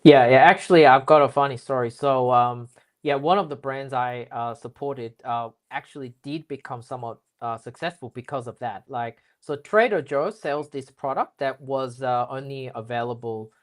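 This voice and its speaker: A man's voice: mid-range voice, moderate pace. Man explaining at length, full of fillers. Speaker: guest expert. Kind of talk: casual business interview.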